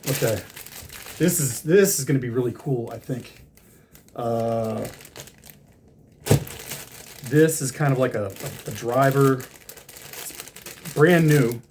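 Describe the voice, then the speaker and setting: A man's voice: medium pitch, takes it slowly, pauses often, noisy background. A man casually talking through an unboxing of hats, rambling with lots of fillers and restarts.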